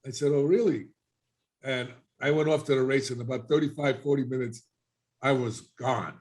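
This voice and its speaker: A middle-aged man recounting his past in a relaxed podcast conversation. He tells it with lively energy, jumping into other people's voices as he quotes them. His voice sits in a mid range. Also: medium pitch, brisk. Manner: animated storyteller, acting out quoted voices. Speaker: guest. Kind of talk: casual storytelling.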